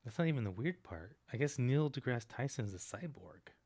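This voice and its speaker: A man in an improvised comedy sketch, stating absurd claims in a deadpan, matter-of-fact way. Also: medium pitch, brisk.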